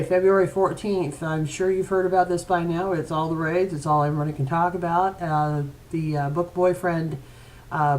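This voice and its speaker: A woman's voice: low voice, darkish tone, a little hiss or hum. A woman author chatting casually at home to viewers of her weekly video blog, with many hesitant fillers. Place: at home with her cat nearby.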